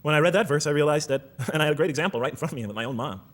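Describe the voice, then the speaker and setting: A man's voice: on the high side, racing, fairly bright tone. A man giving a lecture to a live audience, reading verses aloud and posing rhetorical questions.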